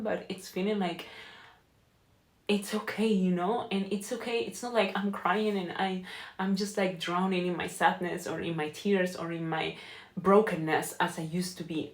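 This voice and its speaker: A young woman sharing a heartfelt, emotional faith testimony in a vlog, earnest and often close to tears. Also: mid-range voice. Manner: earnest with frequent "you know?". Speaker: faith vlogger and life coach. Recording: echoey room.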